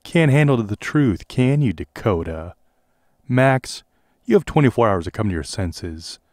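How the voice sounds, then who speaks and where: A man's voice: on the low side, sing-song, a little slow, a little mellow, dry recording, clean studio sound. A man doing a stern jealous stalker woman. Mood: taunting. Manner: stern, cold and threatening.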